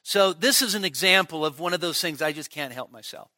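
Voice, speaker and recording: A male pastor gives a conversational expository sermon at a midweek service. He often pauses to check in with his listeners. His voice sits a little high and sounds bright, and the recording is dry and close. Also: lively intonation, dry recording.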